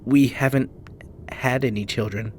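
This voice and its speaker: A man's voice: medium pitch, fairly even intonation, a little slow, a little hiss or hum, lightly acted. A man voicing a frightened young man, an engaged hunter who stammers and pleads. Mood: stammering. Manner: stammering, pleading, near hysterical.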